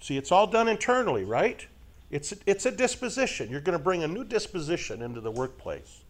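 A man's voice: high-pitched, brisk. A middle-aged man teaching a conversational sermon to a live group, folksy and joking, constantly checking with rhetorical questions. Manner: asks frequent rhetorical questions and tag checks; folksy, lively, jokes with listeners. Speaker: Bible teacher.

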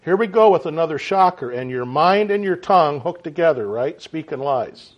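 A man preaching a sermon in a folksy, animated way, often checking in with his listeners. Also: on the high side, moderate pace. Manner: folksy, animated, frequent "right?" and "okay?" to the audience. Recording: dull lo-fi sound.

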